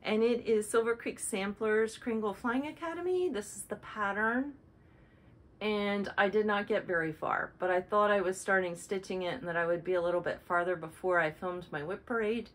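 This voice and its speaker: A woman's voice: medium pitch, moderate pace, low-quality recording. A woman hosting a casual show-and-tell video, chatting in a rambling way and correcting herself as she goes. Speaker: flosstube host.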